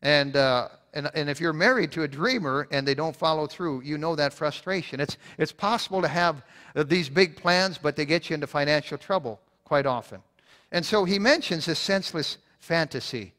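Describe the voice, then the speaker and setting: A man's voice: on the high side, normal speed, a bit bright. A man preaching a sermon as pastor, earnest, repeating points for emphasis, often restarting his words. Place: church sanctuary. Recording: long church reverb.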